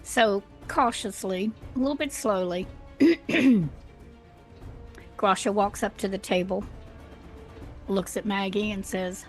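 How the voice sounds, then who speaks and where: A woman describing her character's actions in a tabletop game, deliberate and careful. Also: medium pitch, soft background music. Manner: deliberate, clears throat often. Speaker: player.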